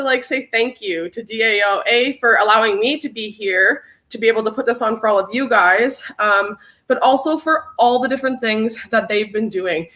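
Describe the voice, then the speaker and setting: A woman's voice: a little high, pushed and bright. Bubbly young woman hosting a livestream. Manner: bubbly, greets viewers by name and reads comments aloud. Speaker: workshop host. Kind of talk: casual livestream chat.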